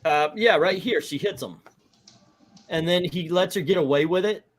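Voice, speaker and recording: A middle-aged man hosting a casual comic book livestream, animated and acting out quotes in little voices. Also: high voice, normal speed. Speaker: comic book show host.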